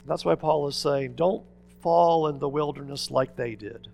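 A pastor with a high, gravelly voice delivers an impassioned sermon. He presses hard on some points and drops to a near hush on others, and soft instrumental music plays faintly behind him. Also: unhurried. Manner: impassioned preaching, swinging between loud urging and hushed asides.

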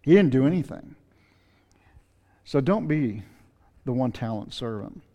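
A man preaching a sermon in an earnest, pleading way, slowing down to stress scripture. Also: medium pitch, expressive, warm tone. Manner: earnest, pleading, reads scripture aloud with slow emphasis. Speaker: pastor. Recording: long reverb of a hall.

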